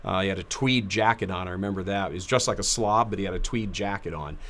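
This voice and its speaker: A man's voice: low-pitched, fast talker, fairly bright tone, slight background noise. A man in his fifties telling an anecdote as a guest in a casual chat, laughing often. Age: 50s.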